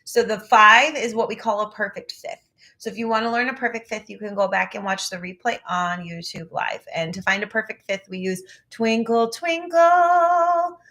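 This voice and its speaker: Teaching ear training live online, this vocal coach speaks briskly at a medium pitch with fairly even intonation and a pushed, bright tone. She keeps clearing a phlegmy throat and breaks into brief sung demonstrations.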